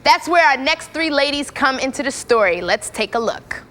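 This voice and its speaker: A woman's voice: high voice, expressive, moderate pace. A woman hosting a reunion show, upbeat and prodding the guests with questions. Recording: loud studio crowd and noise.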